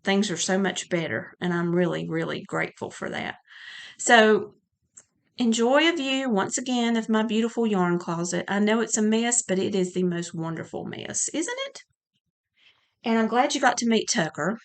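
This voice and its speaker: A woman's voice: medium pitch, moderate pace. A woman chatting casually to camera at home about her crafting, gushing and enthusiastic, a little out of breath, rambling with restarts. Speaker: crafting vlogger. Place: home, by a yarn closet.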